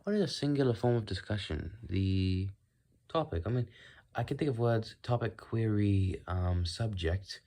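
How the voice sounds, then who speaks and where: A man musing aloud in a put-on British accent, calm and inquisitive, talking with a dry mouth in a rambling solo monologue. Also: on the low side, moderate pace. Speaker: video creator.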